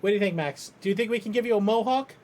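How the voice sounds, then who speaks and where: A man's voice: sits high, racing, a little mellow. A man streaming live, chatting casually, joking, swearing and talking to his dog. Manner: playful, swears a lot, talks to his dog.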